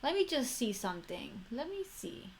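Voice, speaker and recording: A woman's voice: a little high, sing-song, normal speed, creaky, a little hiss or hum. A young woman with a Florida accent, chatting casually on a livestream while building a model kit, rambling and correcting herself as she goes.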